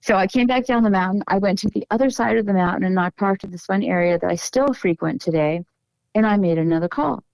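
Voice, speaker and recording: A woman's voice: mid-range voice, quick pace, creaky, a little mellow, no room sound, rough recording. A middle-aged woman guest on a podcast, telling a long story in a casual, meandering way and often stopping to correct herself.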